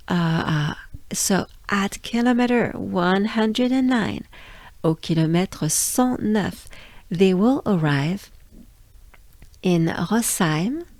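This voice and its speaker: French woman, pronunciation coach, slow patient drills, dry voice. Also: medium pitch, darkish tone, no echo. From France. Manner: drills sounds slowly, repeating each one.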